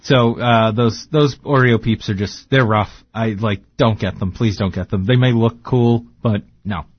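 A man's voice: fairly low pitch, unhurried, dry recording, dull audio. A man co-hosting a casual podcast chat, joking and rambling, often trailing off mid-sentence. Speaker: co-host.

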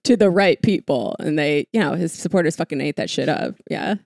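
A woman's voice: low-pitched, expressive, fairly quick, creaky, darkish tone, no echo, studio quality. A woman co-hosting a casual political podcast, sarcastic and profane in a wry way. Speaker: podcast co-host.

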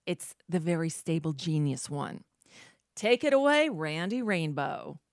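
A woman's voice: low voice, lively intonation, a little slow, no room sound, clean studio sound. A woman hosting casual political commentary, sarcastic and rambling with many fillers.

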